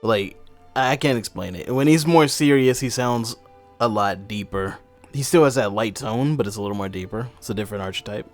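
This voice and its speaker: Gravelly young man chatting casually. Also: fairly low pitch, brisk, soft background music. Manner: rambling, laid-back, says "bro" often. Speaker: host. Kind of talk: casual reaction commentary.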